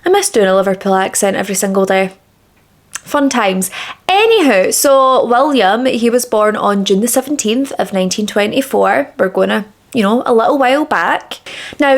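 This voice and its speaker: A woman hosting a true crime channel, telling a case in a chatty, dramatic way while doing her makeup, on a small clip-on mic. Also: mid-range voice. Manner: chatty, dramatic and emphatic, with repeated words. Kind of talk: casual true crime storytelling during a makeup routine. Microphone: small clip-on microphone.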